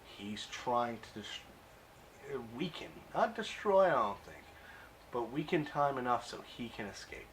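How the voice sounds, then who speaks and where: A man's voice: medium pitch, sing-song, unhurried, a little hiss or hum. Chatty man recapping a TV episode. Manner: chatty, amused, peppered with uh and um. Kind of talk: casual recap and review.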